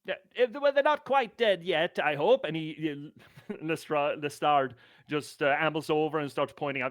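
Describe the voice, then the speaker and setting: A man's voice: a little high, normal speed, no room sound, studio quality. A man playing a tabletop game who describes his character's actions casually and hesitantly. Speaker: player.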